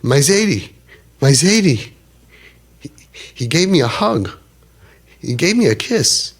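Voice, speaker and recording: A man's voice: fairly high pitch, big pitch swings, takes it slowly, pitched above the performer's own voice, heavily acted. A man voicing an overwhelmed young man who repeats himself breathlessly.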